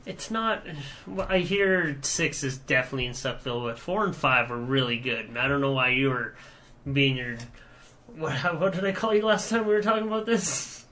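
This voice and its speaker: Bright-voiced easygoing podcast guy. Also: mid-range voice, normal speed. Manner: easygoing, agreeable, teasing. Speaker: podcast co-host. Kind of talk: casual chat.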